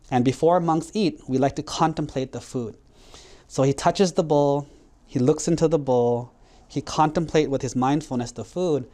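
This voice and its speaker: A man's voice: on the high side, dark tone. A man, a Buddhist monk, telling a moral story to children in a casual, conversational way. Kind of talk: storytelling sermon for kids.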